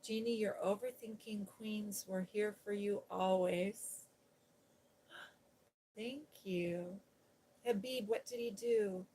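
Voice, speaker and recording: A woman hosting a soft-spoken ASMR livestream, chatting gently with viewers and recapping a children's story in a sweet, cooing tone. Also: mid-range voice, fairly even intonation, slow pace, long pauses, poor audio. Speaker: ASMR host reading aloud.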